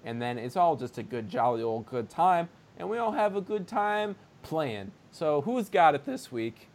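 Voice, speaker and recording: A man co-hosting a podcast in casual chat, animated and laughing, slipping into impressions. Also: a little high, moderate pace, slight background noise. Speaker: podcast co-host.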